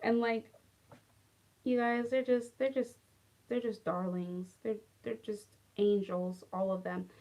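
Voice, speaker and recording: A woman's voice: mid-range voice, slow. A young adult woman, a former English teacher, casually telling personal stories with lots of "like" and plenty of feeling. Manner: chatty, heavy use of "like", animated and affectionate. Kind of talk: casual storytelling vlog.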